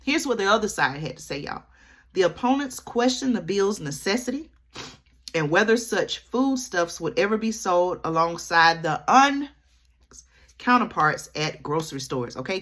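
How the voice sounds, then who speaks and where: A woman vlogger with a lowish, slightly bright voice comments to camera and keeps up a running chat with her viewers. She checks in with them often, chattily addressing them with "y'all" and "okay?".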